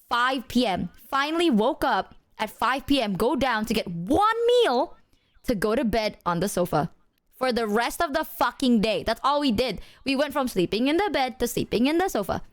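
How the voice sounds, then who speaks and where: A young woman in casual chat, telling animated stories, cursing freely and mimicking voices. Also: fairly high pitch, normal speed. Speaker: streamer.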